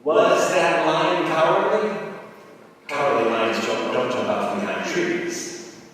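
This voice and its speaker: A man's voice: fairly high pitch, sing-song, takes it slowly, fairly bright tone. A man giving a keynote speech to students, telling stories and quizzing the audience. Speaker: keynote speaker. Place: large hall. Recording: echoey hall from far off.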